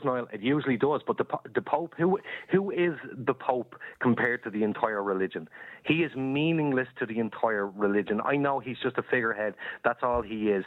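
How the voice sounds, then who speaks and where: A man's voice: mid-range voice, no room sound. A man on a radio phone-in defending his view, repeating himself, heard over a phone line. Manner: defensive, repetitive. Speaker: caller.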